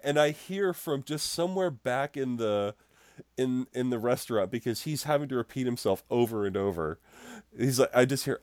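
A man co-hosting a podcast, telling an animated story in casual chat and laughing as he goes. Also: mid-range voice, normal speed, dry recording, studio quality. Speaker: podcast co-host.

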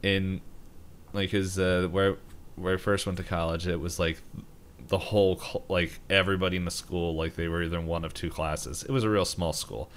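A man with a very deep voice co-hosting a casual podcast. He tells stories haltingly, pausing and restarting his sentences often. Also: level tone. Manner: hesitant, halting storytelling with restarts. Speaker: podcast co-host. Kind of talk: casual chat.

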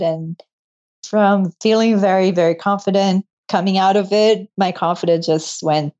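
A young woman talks with a guest's openness, her telling emotional and full of quick laughter. The sound is a little dull and lo-fi, like a modest home setup. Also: mid-range voice. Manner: laughs often, emotional and animated. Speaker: interview guest, medical student. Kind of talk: casual interview storytelling.

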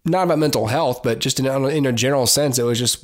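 An American man hosts a podcast solo, giving casual commentary full of fillers and restarts as he rambles and offers blunt opinions. His pitch is medium and he talks fast.

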